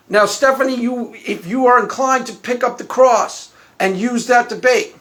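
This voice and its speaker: A man's voice: extremely high pitch, a bit bright. A man giving a casual, rambling YouTube commentary, repeating phrases and chuckling often. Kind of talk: casual monologue.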